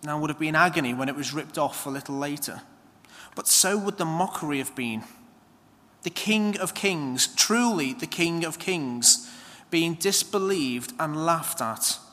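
Male preacher, slightly higher voice, unhurried reflective homily, church echo. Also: bright, forceful tone. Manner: slow, measured homily with reflective pauses. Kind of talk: sermon. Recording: long church reverb.

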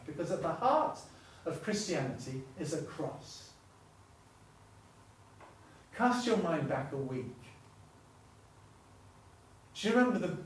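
A male preacher delivers an impassioned sermon that builds toward emotional peaks, then leads a prayer. He speaks slowly and deliberately. His voice rings through a very echoey conference hall, picked up from some distance away from the mic. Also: on the high side, slight background noise.

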